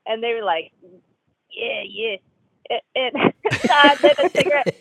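A guest guitarist telling a story with laughs and self-deprecating asides in a casual interview. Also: male voice, very high-pitched, a little slow, gravelly, bright, forceful tone, slightly rough, dry recording. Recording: tinny phone-line audio, dry.

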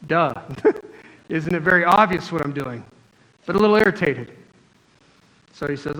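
A man's voice: high voice, moderate pace, long pauses, pushed and bright, low-quality recording. A man preaching a sermon as pastor, talking in a conversational, joking storytelling way. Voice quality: wears glasses, astigmatism.

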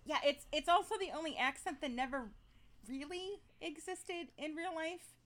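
A woman co-hosting a podcast, chatting casually and presenting a topic in an animated way. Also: high voice, moderate pace. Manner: animated, laughs easily. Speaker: podcast co-host.

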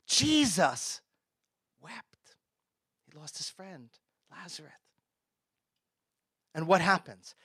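Male pastor, high bright voice, chatty sermon delivery, dry close sound. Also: steady tone, slow, long pauses, slightly rough, dry recording. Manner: conversational preaching, sudden drops to a hush.

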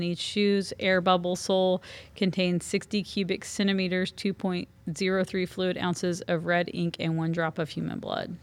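A woman co-hosting a podcast, chatting casually and explaining things with a few restarts. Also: fairly low pitch. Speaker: podcast co-host. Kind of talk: casual chat.

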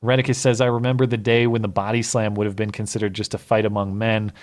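Male podcast co-host, low voice, casual, stop-start delivery. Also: little pitch movement, a little mellow. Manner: halting, restarts often. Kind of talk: casual chat reading viewer comments.

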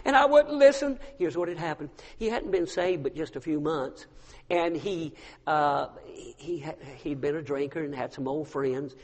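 A man preaching a sermon and telling stories, swinging from hushed to loud. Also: a little high, fairly even intonation, a little slow. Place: church sanctuary. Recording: long reverb of a large hall.

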